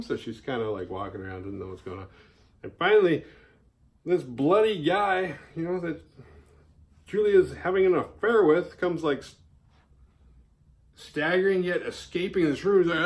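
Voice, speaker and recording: A man casually recapping a horror film, swearing freely and acting out the characters' lines in exaggerated voices. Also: normal speed. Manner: animated, profane, acts out characters' lines in high voices.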